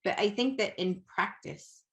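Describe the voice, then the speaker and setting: A woman's voice: medium pitch, unhurried. Emotional middle-aged woman on a video call. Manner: open, emotional, searching words with fillers. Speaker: client guest, corporate executive. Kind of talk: personal conversation on a podcast. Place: home.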